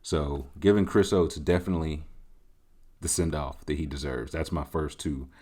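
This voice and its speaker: A man's voice: rumbling low, normal speed. A man hosting his own show, giving casual joking commentary on sports and video games. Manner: jokey, animated, voices quoted game text. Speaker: host.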